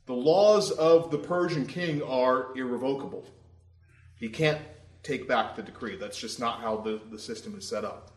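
Wry, animated young preacher. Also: male voice, mid-range voice, normal speed. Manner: conversational, wry, animated storyteller. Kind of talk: sermon. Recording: roomy echo.

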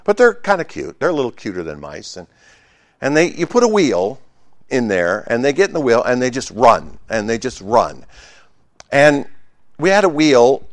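A male pastor preaching with a lively, sweeping pitch that jumps high on his exclamations and drops low on his quiet points. He mixes fervent emphasis with joking, conversational asides to the congregation. The sound is dry and close. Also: moderate pace, no room sound. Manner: emphatic preaching, swinging between loud exclamations and hushed asides. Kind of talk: sermon.

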